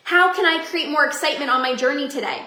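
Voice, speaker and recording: A woman coach and podcast host giving an energetic, upbeat motivational talk to her members, often laughing. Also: high-pitched, fast, echoey room.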